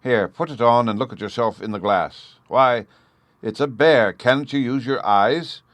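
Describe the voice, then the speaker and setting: A man's voice: medium pitch, a little slow, fairly bright tone, no echo, voice pushed up, natural voice. A man reading an audiobook, voicing a testy, scornful husband who snaps and sneers. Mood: bossy. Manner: snappish and scornful.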